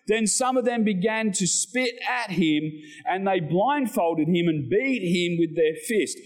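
A man preaching a sermon, animated, rising to emphatic peaks and dropping low. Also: slow pace.

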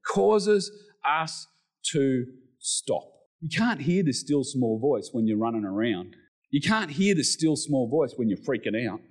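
A middle-aged man preaching a sermon, animated, with excited exclamations and humorous asides. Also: mid-range voice, moderate pace. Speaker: pastor.

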